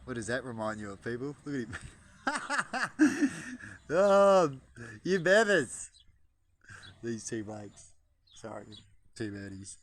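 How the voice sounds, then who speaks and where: A man's voice: lowish voice, moderate pace, pauses often, slight background noise. A man vlogging outdoors in a backyard in a casual, jokey way, chatting to camera and to the birds. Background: birds chirping.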